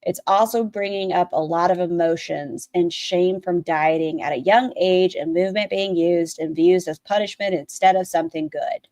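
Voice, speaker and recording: A woman's voice: lowish voice, fairly even intonation, moderate pace, few pauses, a little mellow, dry recording, studio quality. A woman streamer giving blunt, sarcastic live-stream commentary on clips, swearing freely.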